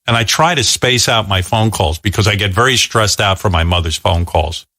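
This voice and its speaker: A male radio host from New with a bright, forward voice. He tells a long story in a loose, rambling way, restarting sentences and poking fun at himself. His delivery is casual and conversational. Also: lowish voice, moderate pace. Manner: rambling, self-deprecating, with many restarts. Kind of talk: casual talk-show storytelling.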